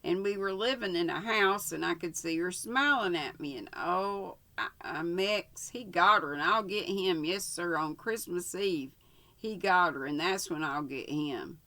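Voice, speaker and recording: A woman's voice: lowish voice, unhurried, pushed and bright. Older woman reading as a mild-drawling outlaw. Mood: grim. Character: soft-spoken cold-blooded young outlaw man.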